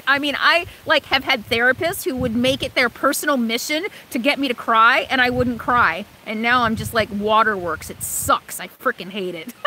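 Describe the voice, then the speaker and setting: Middle-aged woman live-streamer, high bright voice, chatty and unscripted, faint vehicle hum behind. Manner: chatty, frequent fillers and restarts, thanks donors warmly. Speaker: RV vlogger hosting a live stream. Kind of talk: casual live-stream chat reading viewer comments. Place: inside an RV or vehicle.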